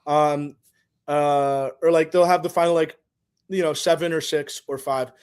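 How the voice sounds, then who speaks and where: A man's voice: a little high, steady tone, a little slow, darkish tone, clear, resonant tone. A man explaining things loosely in casual podcast chat, rambling with lots of fillers and the odd swear word.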